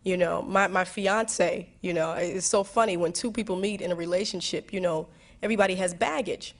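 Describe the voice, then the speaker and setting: A woman's voice: fairly low pitch, brisk. A woman in her twenties speaking candidly to a school audience, reflective and playful, with many restarts, laughs and acted asides. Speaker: guest speaker answering students.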